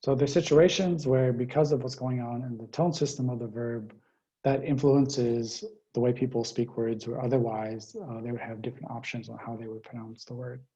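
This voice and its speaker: A man's voice: mid-range voice, steady tone, normal speed, dark tone, dull audio. A man giving a linguistics lecture, explaining step by step with frequent fillers over a remote call.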